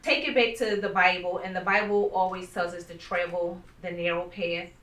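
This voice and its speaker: A woman hosting a podcast as a coach, talking in a reflective, measured way. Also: fairly low pitch, little pitch movement, fairly bright tone, echoey room, far from the mic. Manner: reflective, measured, faith-minded. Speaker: podcast host, life coach. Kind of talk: casual conversational podcast.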